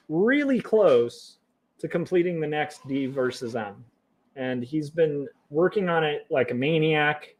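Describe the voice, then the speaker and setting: A man's voice: fairly high pitch, animated, slow. Chatty man on a drawing livestream. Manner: wry, self-mocking, drifting into jokey quoted voices. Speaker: livestreaming comic artist. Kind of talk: casual chat to viewers while drawing.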